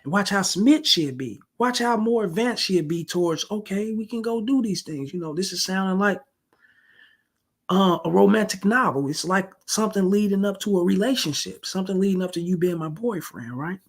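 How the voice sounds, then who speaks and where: A man with a husky, raspy voice and a gravelly edge delivers casual dating-advice commentary. He talks slangy and emphatic, constantly addressing his listeners as fellas and bro. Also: sits high, moderate pace.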